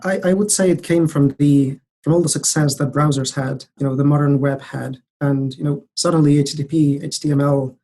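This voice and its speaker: A man's voice: on the high side, steady tone, warm tone. A man who is a guest on a tech podcast, explaining thoughtfully and measuredly. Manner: thoughtful, measured, some hesitant restarts. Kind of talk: casual tech podcast chat.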